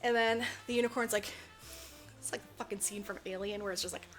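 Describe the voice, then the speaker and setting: This podcast co-host talks fast at a medium pitch, with soft music playing behind her. She recaps a film in a loose, profane, lively way, performing quotes from the characters.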